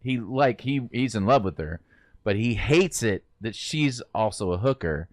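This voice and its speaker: A man casually chatting as a movie podcast co-host, rambling in an animated way. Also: on the low side, unhurried, no echo, studio quality.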